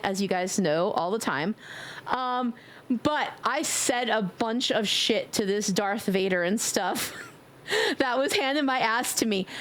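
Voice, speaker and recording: Bubbly New York woman streamer. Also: medium pitch. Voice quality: warm, affectionate toward chat. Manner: bubbly, giggly, calls viewers sweetie. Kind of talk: casual live-stream chat.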